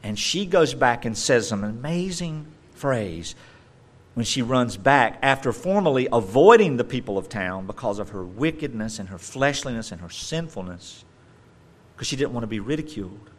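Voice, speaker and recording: A male preacher giving a sermon, animated and emphatic, with playful joking asides. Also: mid-range voice, normal speed.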